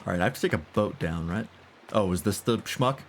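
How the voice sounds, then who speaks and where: A man's voice: fairly low pitch, lively intonation, a little fast. Joking male streamer over game music. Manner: joking, irreverent. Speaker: gaming streamer. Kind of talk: casual let's-play commentary.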